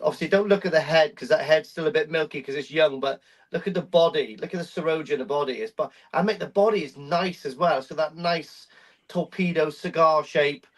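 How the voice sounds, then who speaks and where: A man's voice: on the high side, brisk. A man hosting a live koi auction stream, chatty and jokey, swearing casually as he talks.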